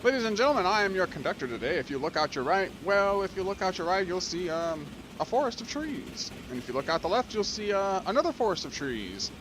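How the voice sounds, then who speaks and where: A man's voice: high-pitched, sing-song, quick pace, few pauses, background noise, voice pushed up. A man putting on a cheery train conductor. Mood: showy. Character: cheery male train conductor announcing sights.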